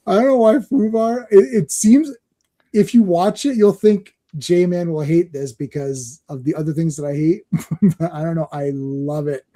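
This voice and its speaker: A Canadian podcast host tells stories in a casual chat, animated and laughing often while repeating his words. His voice sits high and moves a little slowly.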